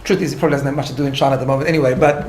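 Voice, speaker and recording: A man, a rabbi, giving a conversational lecture, telling a story in an animated way with light laughter at his own asides and frequent restarts. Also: medium pitch, very fast, roomy sound, background noise. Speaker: rabbi teaching a class.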